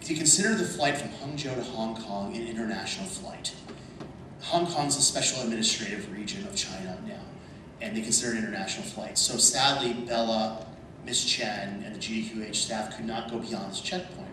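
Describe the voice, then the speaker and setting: A man telling lively anecdotes to a convention panel audience, often laughing. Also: fairly low pitch, a little fast. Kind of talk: storytelling at a panel. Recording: echoey hall from far off, background noise.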